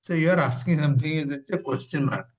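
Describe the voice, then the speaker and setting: A man teaching English punctuation in class, repeating example sentences and spelling out each rule. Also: fairly high pitch. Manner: slow, repeats examples, gives plain rules. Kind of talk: classroom grammar lesson. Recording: dull lo-fi sound.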